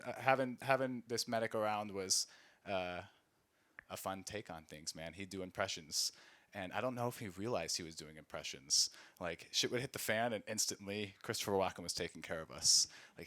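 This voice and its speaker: A man's voice: on the low side, fairly bright tone. A man, an Army veteran, telling rambling, profane war stories in a casual comedy set and laughing at himself as he goes. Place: small recording studio space.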